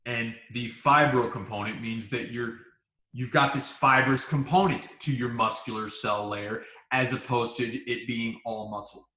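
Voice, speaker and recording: A man lecturing on medicine in a casual, loose way, voicing the student's inner thoughts as he goes. His voice is bright and forward. The room echoes around him. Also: medium pitch, a little slow. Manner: relaxed, acts out students' thoughts in asides.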